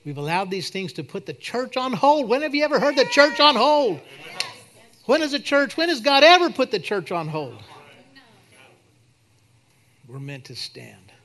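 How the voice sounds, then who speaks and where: A man preaching a sermon and leading a prayer at a church service, swinging from loud declarations to quiet prayer. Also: very high voice, big pitch swings, normal speed, long pauses. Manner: preaching, rising to shouts then dropping to a soft prayer. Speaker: pastor.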